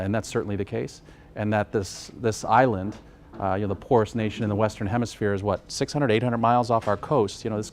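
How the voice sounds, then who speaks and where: A man's voice: lowish voice, darkish tone. A man interviewing a guest and presenting to an audience in a casual, earnest way with fillers. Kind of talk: conversational presentation.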